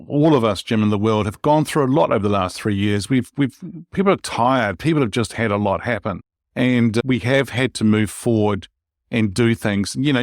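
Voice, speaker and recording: With no echo on the recording, this medium-pitched male podcast host keeps things casual and conversational. He's eager and meandering, often turning to address his listeners directly.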